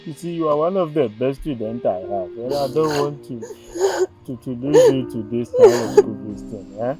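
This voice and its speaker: A man's voice: fairly high pitch, huge pitch swings, creaky, heavily acted. An actor playing a fawning male teacher who coaxes a crying schoolgirl, drawing out his words and ending lines with a pleading "eh". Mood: coaxing. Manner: coaxing, drawn-out, tag "eh" on lines. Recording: music bed behind the voice.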